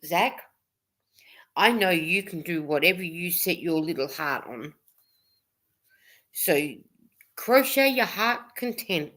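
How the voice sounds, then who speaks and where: A woman co-hosts a casual live chat, reading viewer comments aloud with easy laughter. Her voice is bright and forward. She talks in a warm, rambling, encouraging way. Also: fairly low pitch, expressive, takes it slowly, long pauses. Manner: chatty, reads comments aloud, laughs often. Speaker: livestream co-host reading chat.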